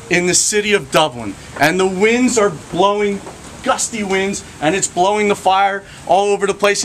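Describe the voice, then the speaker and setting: A man telling a lively joke story to a group, shouting out the characters' lines. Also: sits high. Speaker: storyteller leading a group of kids. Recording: noisy crowd recording.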